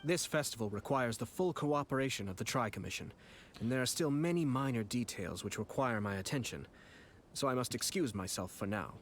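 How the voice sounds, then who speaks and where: An actor playing a courteous young nobleman commissioner in a game, speaking in a formal, measured way. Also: medium pitch, expressive, slight background noise, natural voice. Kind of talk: video game voice acting.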